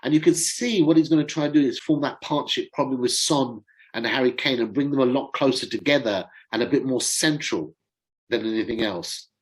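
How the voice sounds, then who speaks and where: A man's voice: medium pitch, a little fast, low-quality recording. A middle-aged man hosting a fan channel. He talks through football in a casual, rambling way and sometimes fumbles for names.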